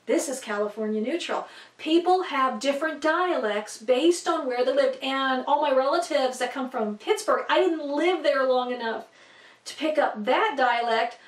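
A woman's voice: high voice, moderate pace. A woman teaching about the Bible in a casual, rambling way, full of fillers and asides. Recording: echoey room, distant from mic.

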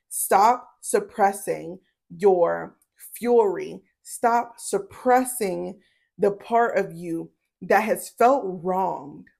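A woman giving a casual tarot reading to camera. She is blunt and profane, preaching with emphasis and stretching her words to drive points home. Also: medium pitch. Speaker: tarot reader.

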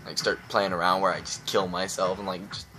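At home through the night into dawn, an exhausted, sleep-deprived young gaming YouTuber rambles goofily and hyperactively, hopping between silly voices and mock poetry. His low voice holds a level tone but sounds pushed and bright, brisk in pace. A webcam close to his face picks him up, with music playing behind.

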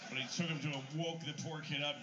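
A man's voice: on the high side, fairly even intonation, quick pace, dull audio, noisy background. A man doing a stand-up comedy routine, telling stories in an irreverent, profane way.

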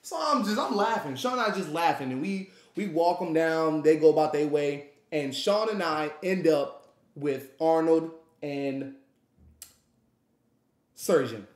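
Male streamer, high voice, roomy room, animated storytelling, acts out the people in his story. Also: measured pace. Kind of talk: casual storytelling to a live audience.

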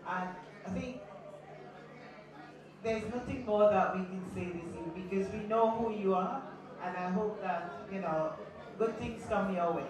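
A woman's voice: mid-range voice, moderate pace, pauses often. A woman judging a talent show, enthusiastic and congratulatory. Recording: echoey hall, far from mic, crowd noise.

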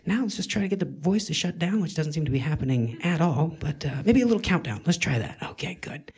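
A man's voice: fairly high pitch, animated, fast, darkish tone, slightly rough. A man doing a stand-up comedy routine on a club stage, rambling and self-mocking as he acts out his own inner voice.

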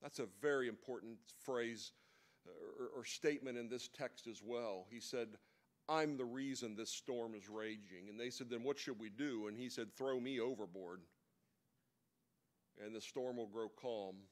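A man preaching at a church men's breakfast. His voice sits at an ordinary middle pitch. He retells the story in a relaxed, conversational way and drops in casual asides. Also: moderate pace. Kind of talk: sermon.

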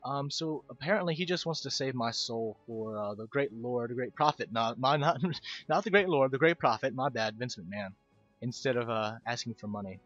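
A man's voice: mid-range voice, normal speed, a bit bright, lo-fi sound, faint music behind. A man hosting casual game commentary, rambling, stumbling over words and poking fun at himself. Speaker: gaming video host.

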